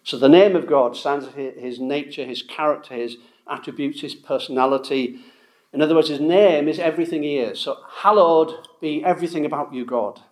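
A man's voice: on the high side, brisk. A man preaching a sermon, emphatic and repeating key phrases for stress.

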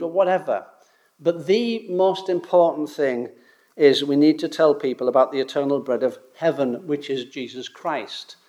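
A man preaching a sermon, animated and full of rhetorical questions, acting out the crowd's lines. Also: fairly high pitch.

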